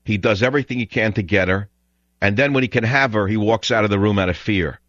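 A man's voice: fairly low pitch, fast, a bit bright, no echo, highs cut off. A man hosting a talk radio show, ranting in a sarcastic, combative monologue.

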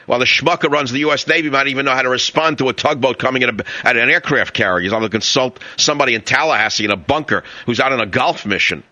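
A man's voice: mid-range voice, fast talker, few pauses, sharp tone, no echo, muffled recording. A middle-aged man with a New York accent hosting a talk radio show, brash and mocking, full of sarcasm.

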